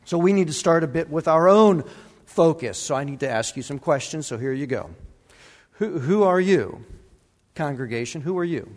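Pastor, male, emphatic sermon delivery with repeated words, higher voice, long church reverb. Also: animated, normal speed. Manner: emphatic, repeats key words, asks the congregation questions. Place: church sanctuary.

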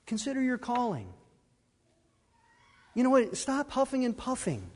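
A man preaching a sermon as pastor, animated and emphatic, with asides and brief laughs. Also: extremely high pitch, unhurried, breathy edge, long reverb tail.

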